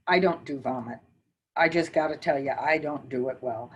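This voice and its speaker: An older woman teaching mindfulness, calmly talking and counting breaths slowly through a guided meditation. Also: low voice, breathy edge, low-quality recording. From northern United States.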